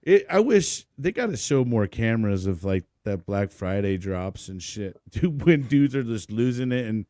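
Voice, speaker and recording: A man hosting a podcast, a Marine veteran who tells profane, animated stories and acts out the voices in them. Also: lowish voice, moderate pace, dry recording, clean studio sound. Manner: profane, animated storyteller acting out quotes. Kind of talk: casual podcast chat.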